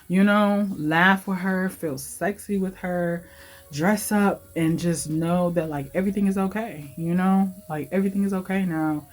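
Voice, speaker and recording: A woman in her late twenties giving an emotional, heartfelt life update in her vlog, talking in a casual, confiding way. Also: lowish voice. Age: late 20s. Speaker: vlogger.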